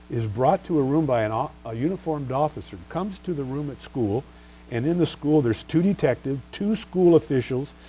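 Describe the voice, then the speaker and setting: A man delivers a law review lecture in a mellow, relaxed voice, posing questions to his listeners and answering them himself. He leans on key terms and spells out case names, and a faint hum sits under the recording. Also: mid-range voice, poor audio. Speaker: bar exam lecturer.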